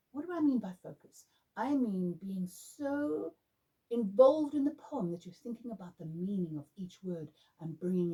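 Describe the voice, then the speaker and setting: A woman's voice: on the low side, mellow, breathy edge, poor audio. A woman adjudicator giving emphatic, demonstrative coaching tips to young performers. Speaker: drama adjudicator. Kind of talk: instructional talk to performers.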